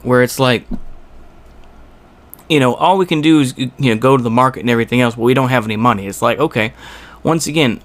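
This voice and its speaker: A man's voice: medium pitch, brisk, long pauses. A man giving rambling reaction commentary on a video, exasperated and full of rhetorical asides.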